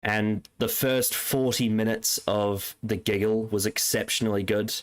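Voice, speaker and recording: A man's voice: on the low side, steady tone, unhurried. A man co-hosting a casual podcast chat. He is hesitant and restarts often when giving his opinions. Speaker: podcast co-host.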